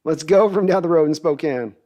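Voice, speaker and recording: A man's voice: fairly high pitch, brisk. Hyped middle-aged man hosting a live stream. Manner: animated, hyped, rambling with restarts. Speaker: host of a live draft stream. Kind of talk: live-stream chat, reading viewer comments.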